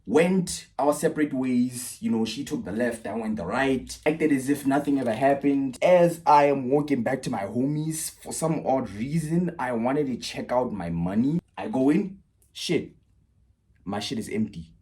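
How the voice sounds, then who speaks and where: A young man telling a casual storytime vlog, animated and swinging from loud bursts to low mutters. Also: moderate pace.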